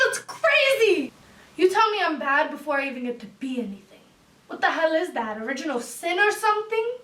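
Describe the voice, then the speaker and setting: A woman's voice: extremely high pitch, bright, forceful tone, full character voice. A young woman playing a defiant young male student. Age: young adult. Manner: indignant, rapid, challenging questions. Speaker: actor. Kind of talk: stage monologue. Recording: echoey room, distant mic.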